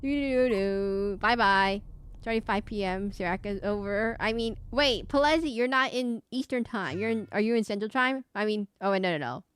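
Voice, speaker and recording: A woman's voice: mid-range voice, lively intonation, a little fast, hardly any pauses, a bit bright, smooth, no room sound. A young woman, a VTuber streamer, chatting through live gameplay commentary and exclaiming as she reads game dialogue aloud.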